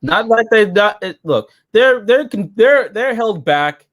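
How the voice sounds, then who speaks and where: A man co-hosting a casual episode review, profane and excitable, jumping into silly quoted voices. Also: high voice, a little slow.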